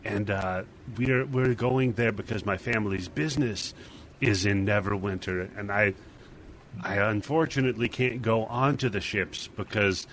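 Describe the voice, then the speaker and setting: A man's voice: on the low side, normal speed, fairly bright tone, slight background noise, natural voice. A man voicing a frail, seasick old man who fusses about his weak stomach in a tabletop game. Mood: fussy.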